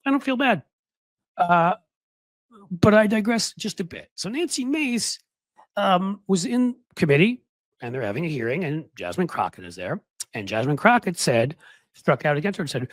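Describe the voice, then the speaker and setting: A man hosting political commentary in a sarcastic, mocking, animated way. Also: fairly high pitch, moderate pace, dry recording.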